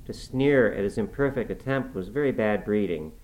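A man reading the part of an earnest middle-aged housekeeper who gently scolds a girl in a measured way. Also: lowish voice, close to an everyday voice, poor audio. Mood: reproving.

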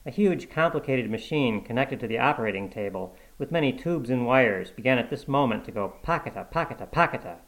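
A man narrating a short story in a measured, even audiobook reading. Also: mid-range voice, rough recording.

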